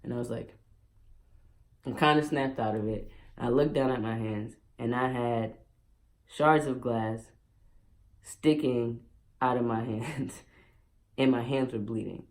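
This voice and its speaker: A man's voice: mid-range voice, unhurried, pauses often. A young man vlogging at home, telling a personal story in a candid, emotional way with many fillers.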